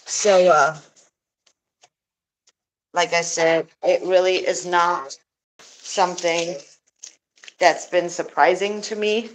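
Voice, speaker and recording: A woman's voice: fairly low pitch, fairly bright tone, a little hiss or hum, poor audio. A woman vlogger chatting casually while doing chores in a goose coop, rambling with fillers and chuckles.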